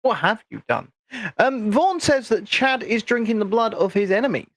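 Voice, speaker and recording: A man playing a grandiose, self-important male internet guru who talks about himself in the third person, deadpan, over a video call. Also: high voice, normal speed, no echo. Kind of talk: comedic livestream chat.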